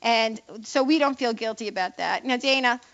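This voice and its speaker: A high-pitched woman hosts a talk radio show in a brash, opinionated way, firing off quick asides. The sound is dull and lo-fi, like an old broadcast. She talks to listeners as if they are in on the joke. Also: creaky, fairly bright tone.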